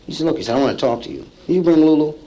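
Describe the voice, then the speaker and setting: A male stand-up comedian telling a story to a live audience, acting out the people in it with lively punchlines, from an old vinyl comedy album. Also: a little high, very fast, lo-fi sound. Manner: acts out characters in the story, lively punchline delivery. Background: audience laughter.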